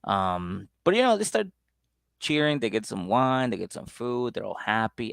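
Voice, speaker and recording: A man co-hosting a comedy podcast, telling stories casually and jumping into high-pitched impressions. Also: expressive, normal speed, creaky, no echo, clean studio sound. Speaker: podcast co-host.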